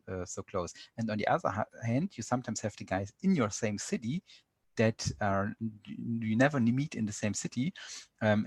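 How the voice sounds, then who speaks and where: A man's voice: on the low side, no echo. Hesitant German-accented man, dry sound. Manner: hesitant, many fillers and restarts. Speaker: podcast guest. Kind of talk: casual interview chat.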